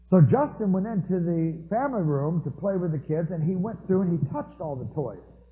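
A man's voice: sits high, animated, moderate pace, few pauses, warm tone, lo-fi sound. A man preaching a family sermon through anecdotes, acting out the people he quotes. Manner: storytelling, acts out quoted voices.

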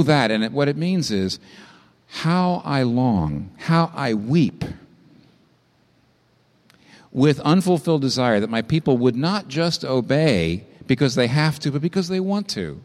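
A man preaching a sermon, impassioned, climbing to high emphatic peaks and then dropping low. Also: animated, normal speed, big-room sound.

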